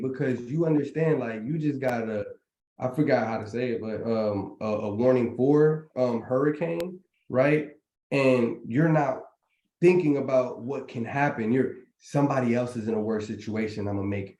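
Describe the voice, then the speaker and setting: A man's voice: medium pitch, normal speed, a little mellow. Motivational man on a roomy call. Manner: preachy, motivational, slangy. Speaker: trading community host. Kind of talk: casual live group chat. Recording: roomy echo.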